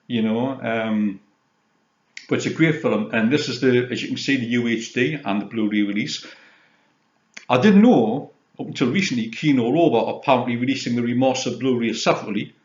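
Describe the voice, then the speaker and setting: A man in his fifties from Britain chatting casually as a host, rambling and retelling scenes with a steady "you know". His pitch sits mid-range. The room is echoey and the sound a little dull and lo-fi. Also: brisk. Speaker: host, film collector. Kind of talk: casual chat.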